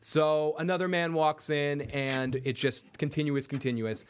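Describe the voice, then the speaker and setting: A man's voice: a little high, unhurried, clear, resonant tone. Casual guy recapping a TV episode. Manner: casual, swears, reads chat aloud, acts out scenes. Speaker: podcast host.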